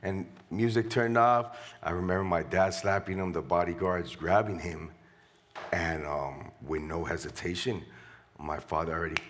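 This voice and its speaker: A man's voice: low voice, fairly even intonation, normal speed, fairly bright tone. A middle-aged man from Colombia, a guest on stage, animatedly retelling a story and quoting voices. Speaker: interview guest. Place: live event stage.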